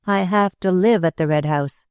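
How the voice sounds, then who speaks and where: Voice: mid-range voice, normal speed, clean tone, no echo, studio quality, lightly acted. A narrator voicing a proud, bitter young woman. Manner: steady and bitter. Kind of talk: audiobook character reading.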